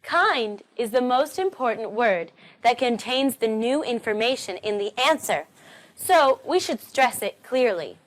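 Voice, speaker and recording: A woman teaching English pronunciation in a recorded online lesson, encouraging and deliberately modelling sentence stress. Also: fairly high pitch, lively intonation.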